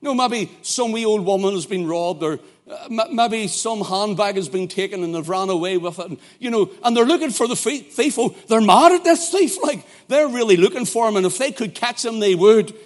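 A man with a Northern Irish accent preaching a sermon, dropping from hushed storytelling to loud, fervent shouting. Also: sits high, lively intonation, brisk, hardly any pauses.

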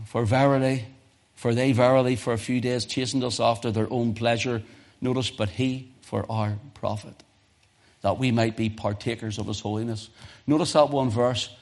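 A man preaching a sermon as pastor, emphatic, swinging from loud exhortation to near whispers. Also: medium pitch.

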